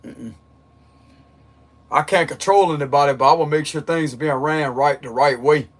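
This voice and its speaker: This tarot reader's voice leans high, with fairly even intonation and a fairly quick pace. His monologue is blunt and emphatic, and he restates his points forcefully in a strained tone.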